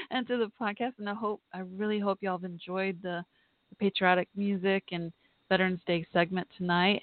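A woman hosting a live podcast, talking in an earnest, heartfelt, halting way and reading aloud. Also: fairly low pitch, dry recording. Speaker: podcast host. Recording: tinny phone-line audio, dry.

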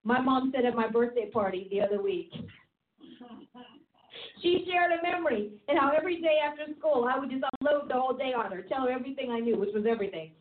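High-voiced woman preaching over a tinny line. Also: a little fast. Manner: emphatic, repetitive, chatty with laughs. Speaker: apostle and preacher. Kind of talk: teaching sermon. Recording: tinny phone-like sound in an echoey room.

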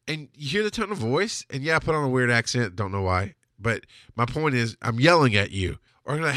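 Man, podcast host, blunt heated rant, profane, bright tone. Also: medium pitch, lively intonation, fairly quick, few pauses, dry recording, studio quality. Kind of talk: ranting solo monologue.

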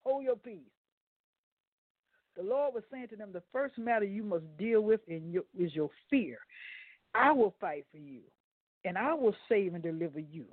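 A man's voice: high voice, animated, normal speed, long pauses, no room sound. Male guest preacher, folksy radio sermon, thin phone-line sound, dry. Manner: folksy, stumbles over words, talks to the listeners.

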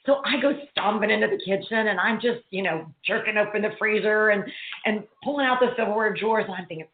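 A woman's voice: mid-range voice, fast talker. A middle-aged woman, a guest speaker, telling a story in casual chat, acting out the quotes with laughs. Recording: tinny phone line, echoey room.

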